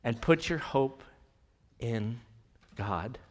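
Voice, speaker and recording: A man's voice: medium pitch, big pitch swings, normal speed, a bit bright. Male pastor preaching in an echoing hall. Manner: conversational, drops to near whispers for emphasis. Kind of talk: sermon. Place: church sanctuary.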